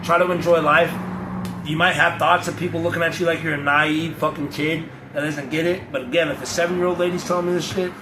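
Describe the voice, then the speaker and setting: A man's voice: fairly high pitch, fairly even intonation, quick pace. A young man giving a blunt, profane, off-the-cuff rant to camera, often mocking others by putting on their voices. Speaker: vlogger. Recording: echoey, with loud ambient noise.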